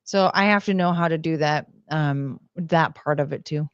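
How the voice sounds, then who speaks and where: A woman's voice: deep voice, moderate pace, clear, resonant tone, dry recording, lo-fi sound. A woman streaming from home into a desk mic, chatting casually and rambling with lots of "like" and "um". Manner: rambling, heavy use of "like" and "um". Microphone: desk microphone.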